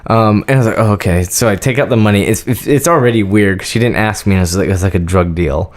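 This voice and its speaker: A man hosting a podcast who tells a story in casual, animated talk, laughing often and acting out what people said. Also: fairly low pitch, quick pace. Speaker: podcast host.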